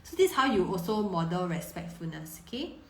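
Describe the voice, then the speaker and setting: A woman in her thirties, a parenting coach answering viewer questions on a live stream, warm and reassuring, often repeating words as she thinks. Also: lowish voice, very animated, a little fast. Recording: roomy echo.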